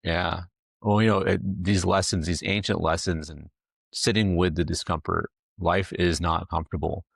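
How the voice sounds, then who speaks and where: Deep, gravelly male podcast host. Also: steady tone, no echo, studio quality. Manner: reflective, halting, repeats words before asking questions. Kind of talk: casual interview chat.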